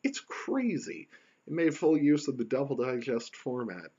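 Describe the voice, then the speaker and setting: Guy doing a solo podcast at home, wry rambly jokes, bouncy lively voice, kinda muffled lo-fi mic. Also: medium pitch, a little slow, husky. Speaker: podcast host. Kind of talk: casual solo podcast monologue. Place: at home at his computer.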